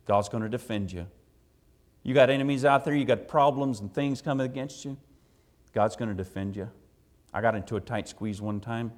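A man preaching a sermon to his congregation, telling a personal story in a folksy, conversational way, with emphatic loud declarations and quiet, low asides.

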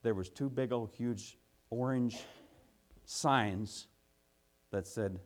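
A man preaching a sermon, telling a folksy work story that builds into loud, urgent preaching. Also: mid-range voice, slow pace, pauses often.

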